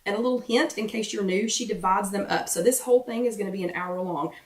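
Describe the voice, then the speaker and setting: Hoarse Southern woman hosting a live chat. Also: medium pitch, fast talker, far from the mic. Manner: chatty, greets viewers one by one. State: hoarse, losing her voice. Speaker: host of a live weight-loss workshop chat. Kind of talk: casual live-stream chat. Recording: roomy echo, voice away from the mic.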